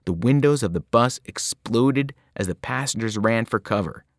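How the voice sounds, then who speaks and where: A man reading a novel aloud to students, telling the story in a lively way and breaking into sudden voiced cries. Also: medium pitch, normal speed, dry recording, studio quality. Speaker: reader.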